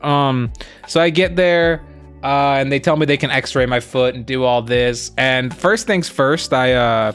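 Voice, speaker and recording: A man casually telling a long story on a stream, rambling with lots of fillers and quoting the people he met, animated as he retells it. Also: mid-range voice, a little slow, faint music behind. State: injured foot, on crutches. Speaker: streamer co-host.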